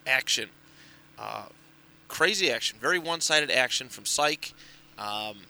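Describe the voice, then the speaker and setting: Male co-host, casual and chatty, bright forward voice, lots of ums and restarts. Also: medium pitch, expressive, measured pace, vocal fry. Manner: rambling, filler-heavy recap with frequent restarts. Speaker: podcast co-host reviewing comics. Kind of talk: casual chat.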